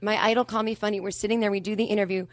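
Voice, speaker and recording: Animated woman comedian, dry sound. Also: mid-range voice, rapid-fire, dry recording. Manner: animated, acts out quoted voices. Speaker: comedian guest. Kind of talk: storytelling in casual chat.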